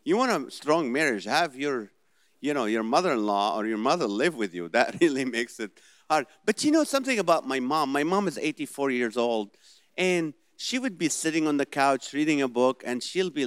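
A middle-aged man with a heavy Middle Eastern accent, telling comedic stories in an animated way and acting out the dialogue. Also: mid-range voice, normal speed, clear, resonant tone, no room sound, studio quality. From Middle East. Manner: animated storytelling, acts out dialogue. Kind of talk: stand-up comedy set.

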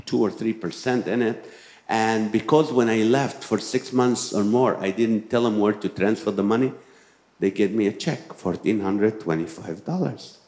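A man's voice: mid-range voice, a little mellow. A man preaching a sermon as a pastor, telling a personal story and then urging his listeners with emphatic exhortations. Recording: roomy echoing hall.

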